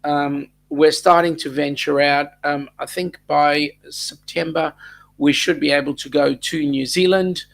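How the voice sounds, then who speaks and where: A man with an Australian accent chats to his livestream viewers at an unhurried pace, filling gaps with ums and trailing restarts. His voice sits a little high for a man and has a gravelly edge. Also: steady tone. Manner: rambling, many ums and restarts. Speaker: livestream host. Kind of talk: casual live chat reading viewer comments.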